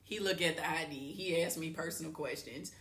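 Laughing woman telling a story, bright voice. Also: low voice, fairly quick, roomy sound. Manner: animated, laughs often, slangy. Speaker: podcast co-host. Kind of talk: casual storytelling chat.

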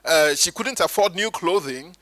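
Guy preaching, high pitched, bright, close dry mic. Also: normal speed, dry recording, poor audio. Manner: animated, mimics churchgoers in high voices. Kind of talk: sermon.

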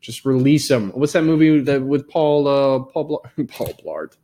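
A podcast co-host from the Dallas area chats casually in a mid-range, steady, mellow voice, talking a little slowly. His manner is loose, laid-back, and profane, and he says "dude" constantly.

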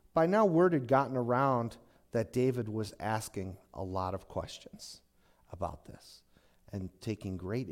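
A male pastor giving a sermon in an animated, conversational storytelling manner. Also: lowish voice.

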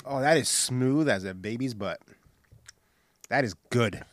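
A podcast co-host jokes around in a casual, animated chat and laughs often. He speaks unhurriedly at medium pitch, but the recording is very noisy.

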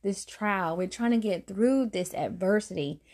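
A woman's voice: medium pitch, unhurried, a little mellow, slight background noise. A woman in her thirties hosting a podcast, telling a faith story in a casual, earnest way, often laughing and repeating phrases for emphasis. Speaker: podcast host giving a devotional talk.

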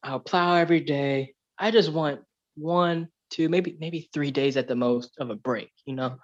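A man voicing a weary, overworked male ox who whines slowly about his aching back, in a fable told on a podcast. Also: on the high side, muffled recording. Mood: pleading.

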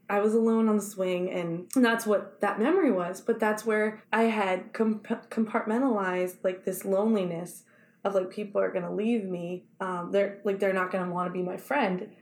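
A woman's voice: mid-range voice, steady tone, moderate pace, a little mellow. A woman co-hosting a casual podcast chat, telling a candid, emotional personal story. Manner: candid, emotional storytelling with quoted inner voices. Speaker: podcast co-host, actor. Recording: echoey room.

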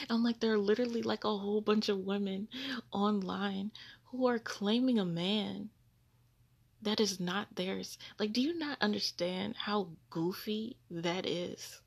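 Slow, gravelly woman podcaster. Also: mid-range voice. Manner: rambling, many fillers like "like" and "you know"; grows incredulous and laughing, repeating "what?". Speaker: podcast host. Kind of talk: casual religious podcast monologue.

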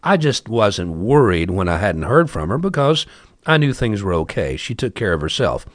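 Animated wry male storyteller. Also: lowish voice, moderate pace, dry recording. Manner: wry, chatty, asides to the listener. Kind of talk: casual spoken storytelling.

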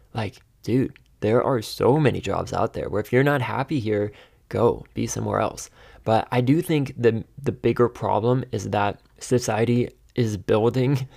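A man's voice: on the low side, gravelly, a little mellow. A man in his thirties talking alone on his podcast, rambling and exasperated, often laughing at himself. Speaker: podcast host. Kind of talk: casual solo monologue.

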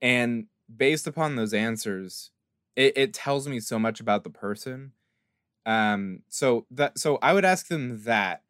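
A man chats on a podcast in an earnest, rambling way, often stopping to restart and acting out bits of dialogue. His voice sits in a middle pitch. The sound is dry and close. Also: expressive, unhurried, fairly bright tone, clean tone, dry recording. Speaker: podcast co-host. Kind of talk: casual podcast chat.

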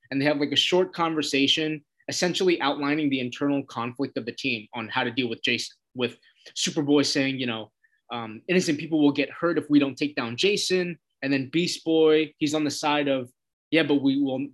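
A man giving a casual, loose recap of a TV episode, retelling scenes and quoting the characters with lots of "he's like" as he goes. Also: mid-range voice.

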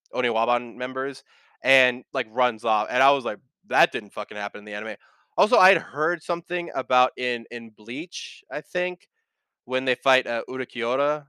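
A man hosts a podcast in a loose, rambling chat, stopping and restarting his sentences and swearing casually. His voice is bright and very clear. The sound is dry and close, with no room around it. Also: mid-range voice, no room sound. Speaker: podcast host.

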